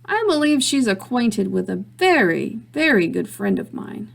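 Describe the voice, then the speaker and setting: A woman reading a story, voicing a polite, formal older gentleman visitor with a courteous, measured manner. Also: medium pitch, very animated, creaky, full character voice.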